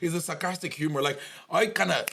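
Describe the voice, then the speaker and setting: A young man with a blended African and Irish accent, chatting on a podcast and telling animated stories in mimicked voices. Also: on the high side, fast talker, creaky, a little hiss or hum. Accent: mix of African and Irish. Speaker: podcast guest, comedian. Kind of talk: casual chat.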